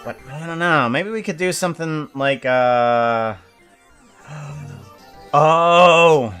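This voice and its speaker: A man's voice: a little high, slow pace, a bit bright, faint music behind. A man thinking aloud as he plans an animation, musing and correcting himself with many fillers. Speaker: animator planning a script. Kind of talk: thinking aloud while working.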